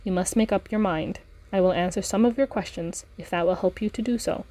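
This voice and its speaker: A woman reading the lines of a grave, weathered male ranger in a steady, serious way. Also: mid-range voice, a little fast, natural voice.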